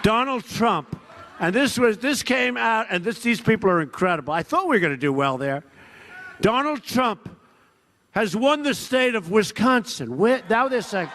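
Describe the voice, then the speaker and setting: An older man speaks at a political rally in a high-set voice, loud and rambling, often shouting and slipping into mocking imitations. A faint hum of the crowd and venue sits behind him, and his words carry the push of a podium mic. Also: animated, normal speed. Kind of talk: rally speech.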